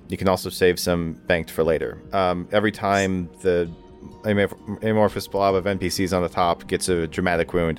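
A young man running a tabletop game as game master, talking hesitantly with fillers and restarts. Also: low voice.

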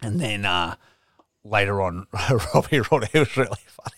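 A young man chats loosely on a podcast, stringing a story together with swearing and asides. His voice sits on the low side. It is recorded dry and close, with no room sound. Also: lively intonation, normal speed, fairly bright tone, no echo. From Australia. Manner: rambling, profane storytelling with laughs. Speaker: podcast co-host. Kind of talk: casual podcast chat.

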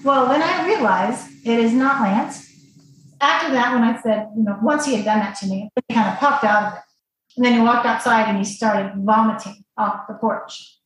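A woman guest on a podcast telling her personal story in an animated, emotional way, with frequent restarts. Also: on the high side, normal speed. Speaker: guest, former client. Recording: strong room echo.

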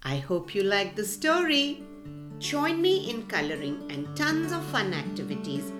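A woman reading a folktale aloud to children, gentle and expressive, talking to them directly. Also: medium pitch, unhurried, music in the background. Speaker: children's storyteller. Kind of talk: storybook read-aloud for children.

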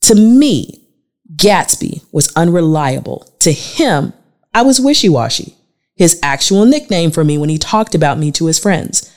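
A woman's voice: fairly low pitch, animated, a little slow, darkish tone. A woman in her forties from the Southern United States, with a Southern American accent, reading her own memoir aloud in an emotional, confessional way. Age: 40s. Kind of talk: audiobook memoir narration.

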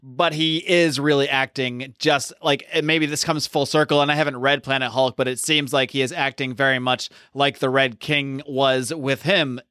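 A man's voice: mid-range voice, fairly even intonation, moderate pace, few pauses, bright, forceful tone, clear, resonant tone, no echo, studio quality. A man co-hosting a podcast who muses thoughtfully about a story's characters. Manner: thoughtful, musing, with hedges. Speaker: podcast co-host. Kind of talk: casual analytical chat.

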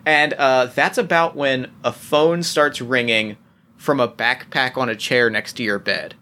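A man narrating as game master, talking in halting bursts full of restarts and fillers. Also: mid-range voice, pushed and bright.

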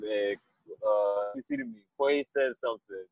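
A man being interviewed about his music, talking in a loose, rambling way and telling animated stories. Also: mid-range voice, unhurried, dry recording, rough recording. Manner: rambling, animated storytelling with laughs. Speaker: musician guest. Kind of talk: casual interview chat.

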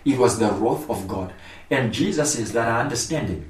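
A man's voice: medium pitch, expressive, moderate pace. A male pastor preaching a sermon, emphatic and repetitive, with rising outbursts. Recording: echoey room, voice from far off the mic.

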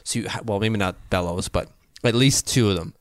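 A man from Canada in his thirties, co-hosting a casual sports podcast from his basement, chatty and analytical and quick to laugh. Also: on the low side, dry recording, studio quality. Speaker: podcast co-host. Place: home basement.

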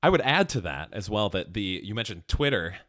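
Podcast co-host, man, dry wit, animated intonation, dead-dry mic sound. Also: fairly low pitch, dry recording. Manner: dry, wry asides and measured explaining. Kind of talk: casual chat.

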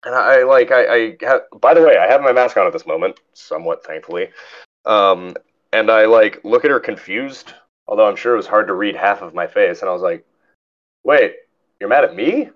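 A man telling a story in casual chat as a podcast host, animated and acting out the people in it. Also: lowish voice, a little fast, dull audio. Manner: animated, mimics others in quoted lines.

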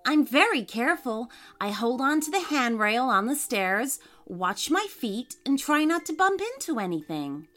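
A woman's voice: sits high, very animated, normal speed, few pauses, fairly bright tone, voice pushed up. A woman voicing a brave little girl in a storybook reading, earnest and matter-of-fact.

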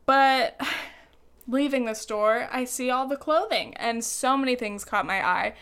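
A young woman talks straight to her audience in a loose, casual vlog style, dropping fillers and curse words as she goes. Her voice sits a little high and comes through smooth and clear. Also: a little slow, fairly bright tone. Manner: chatty, lots of "like" fillers, swears freely. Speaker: vlogger. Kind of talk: casual chat.

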